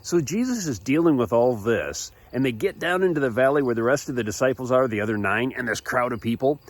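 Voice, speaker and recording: A man's voice: medium pitch, brisk, no room sound. Guy telling a bible story to kids, casual, voice bounces all over. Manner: animated, frequent restarts, chuckles. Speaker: children's church storyteller.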